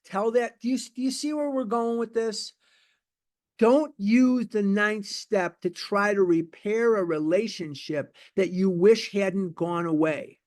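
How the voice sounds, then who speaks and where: A man's voice: high-pitched, unhurried, a little mellow. A man teaching a recovery book study in an informal, emphatic and repetitive conversational way.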